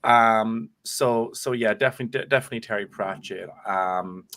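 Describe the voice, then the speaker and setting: A man's voice: on the low side, normal speed, a bit bright. A man, talking casually as a guest author on a video chat, rambling and restarting his sentences. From United Kingdom. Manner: rambling, restarts often, chatty.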